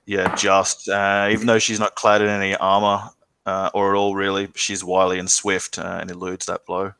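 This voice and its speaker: Male game master, low steady voice, descriptive and halting with fillers. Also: clean tone. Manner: descriptive narration with frequent filler words. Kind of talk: narrating a tabletop game.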